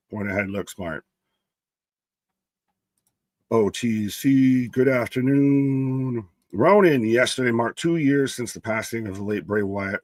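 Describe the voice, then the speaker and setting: A young man co-hosts a live wrestling watch-along from a home setup, talking casually and greeting chatters by name. His voice sits low. The sound is dry and close to the mic. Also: dry recording. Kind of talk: casual live-stream chat, reading viewer comments.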